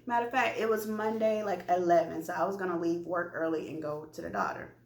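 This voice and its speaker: A woman's voice: lowish voice, quick pace, echoey room. A woman vlogger telling a personal story candidly and animatedly, talking straight to her viewers. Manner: animated, chatty, addresses viewers directly.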